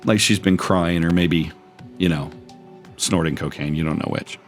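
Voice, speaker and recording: A man's voice: sits low, fairly even intonation, normal speed, faint music behind. A man narrating as game master, describing scenes in a loose, rambling way.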